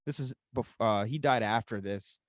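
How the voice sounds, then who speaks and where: A man's voice: lowish voice, moderate pace, no echo, studio quality. A young man with an Upper Peninsula Michigan accent telling a story animatedly, swearing often, as a podcast co-host. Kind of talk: casual storytelling.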